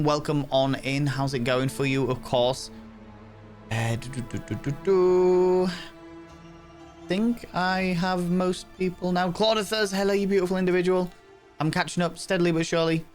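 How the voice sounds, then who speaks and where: A man's voice: medium pitch, a bit bright. A man chatting on a live stream, rambling and greeting each viewer with playful endearments. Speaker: streamer and game master.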